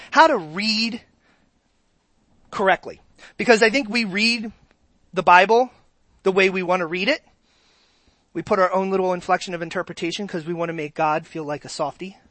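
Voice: mid-range voice, dry recording. Emphatic pastor preaching in a dry room. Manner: emphatic, sarcastic scripture reading with big swings in loudness; conversational, asks the congregation questions. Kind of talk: sermon.

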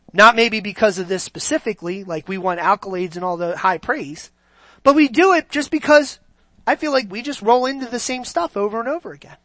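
A man preaching to his congregation with a bright, forceful voice. He leans hard on key words and keeps firing rhetorical questions at the room. The sound is close and dry, with little room echo. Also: high-pitched. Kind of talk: sermon.

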